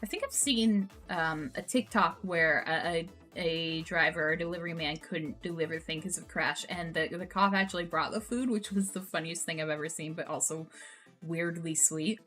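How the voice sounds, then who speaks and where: A woman streamer reacting to posts and telling stories in an animated, profane, ranting way. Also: low voice, normal speed, soft background music. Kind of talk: casual storytelling stream.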